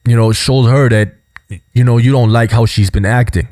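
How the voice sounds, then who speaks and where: A man hosting a casual video commentary, explaining in a relaxed way with lots of fillers. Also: medium pitch, normal speed, no room sound, clean studio sound. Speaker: host.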